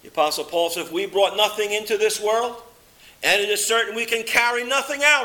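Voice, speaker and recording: Bright-voiced emphatic male preacher. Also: brisk. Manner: emphatic, swings between loud high exclamations and low quiet statements. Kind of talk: sermon.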